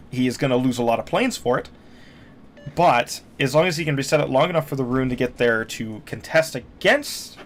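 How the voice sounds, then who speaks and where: A man's voice: mid-range voice, a bit bright, a little hiss or hum. A young man casually commenting on a replay of his own naval battle game, chatty and self-deprecating, acting out what he was thinking at the time. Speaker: gameplay commentator.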